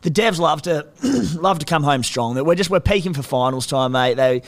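A man's voice: on the high side, animated, moderate pace. A young Australian man co-hosting a podcast, chatting in a laid-back, self-deprecating way. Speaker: podcast co-host. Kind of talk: casual podcast banter.

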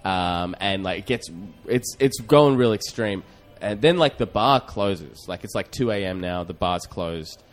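A man's voice: fairly low pitch, expressive, unhurried. A man, a comedian hosting a podcast who tells a story in a rambling, self-deprecating way with lots of fillers. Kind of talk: casual storytelling.

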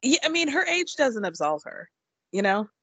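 A woman in her mid-thirties chats in an easygoing way, laughing readily and stumbling into restarts. Her voice sits at an ordinary pitch. It sounds dry and close. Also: moderate pace, slightly rough, no echo. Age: 30s. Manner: relaxed, laughs easily, hesitant restarts. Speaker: podcast co-host. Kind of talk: casual chat about reality TV.

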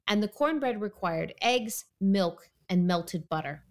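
A woman co-hosting a casual podcast, telling animated anecdotes and acting out her own thoughts. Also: mid-range voice, unhurried. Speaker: podcast co-host. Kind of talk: casual chat.

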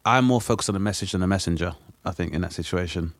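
Dry-voiced, low, hesitant man. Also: fast, no room sound. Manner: hesitant, restarting, reflective. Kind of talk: casual chat.

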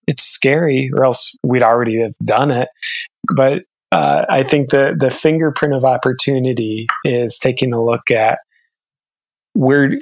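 A man talking as a podcast guest, reflective and halting, often restarting his sentences. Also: medium pitch, no echo, rough recording. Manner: thoughtful, halting, with many restarts. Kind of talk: reflective interview talk.

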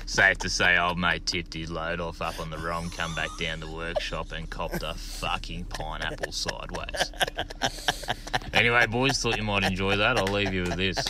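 A man's voice: low voice, little pitch movement, normal speed, background noise. An Australian man leaving a recorded voice message from his car, telling a crude yarn in a laconic way. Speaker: caller. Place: in a vehicle on the road.

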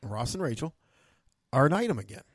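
A man co-hosting a casual podcast, trading deadpan jokes and laughing often. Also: medium pitch, a little fast, slightly rough, no room sound. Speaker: podcast co-host. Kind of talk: joking casual chat.

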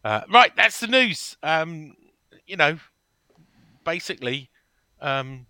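A man hosting a casual football podcast, telling stories in an animated, defensive way. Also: on the high side, slow, dry recording. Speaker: podcast host.

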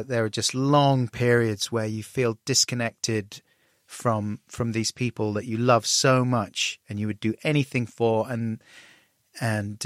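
Middle-aged guest, candid and wry, lively when he quotes people, recorded dry. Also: mid-range voice, no echo. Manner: self-deprecating, animated when acting out dialogue. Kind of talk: candid conversational storytelling.

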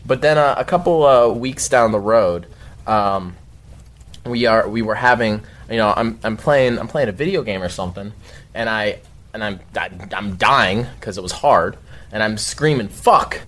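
A young man telling a story in casual talk, animated, swearing often and shouting his own outbursts. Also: lowish voice, moderate pace. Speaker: guest storyteller.

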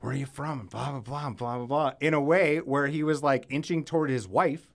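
A man hosting a podcast, telling loud, animated stories in casual chat and swearing freely. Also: medium pitch, a little fast. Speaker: podcast host.

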